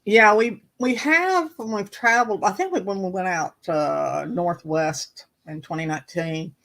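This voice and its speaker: On poor audio, a woman with a lowish, fairly bright voice and a Southern American accent chats a little slowly, telling stories. She co-hosts a couple's channel and tends to mimic the accents of people around her.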